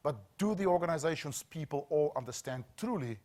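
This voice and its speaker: Telling a story as a safety trainer, a middle-aged man speaks expressively at a medium pitch. His earnest delivery includes dramatic pauses that sink into a hush.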